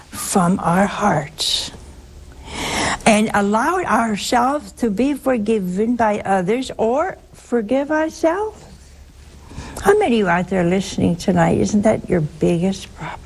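An older woman gives a spoken religious talk to a broadcast audience, telling stories in a chatty way with lively asides. Her voice is husky and medium in pitch, and the recording quality is low.

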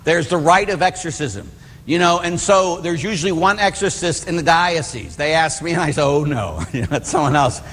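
A middle-aged Catholic priest from the Pittsburgh area delivers a homily as a string of lively personal stories, often slipping into other people's voices. His voice sits a little high for a man. A long reverb trails his words. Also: moderate pace. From Pittsburgh area, United States. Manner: animated storyteller, acts out voices in quotes. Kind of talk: storytelling homily.

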